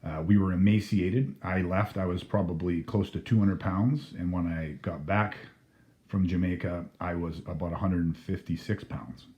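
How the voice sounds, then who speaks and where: A man's voice: low-pitched, steady tone, normal speed, warm tone. A man telling a story casually, laughing through his words and swearing freely. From Canada.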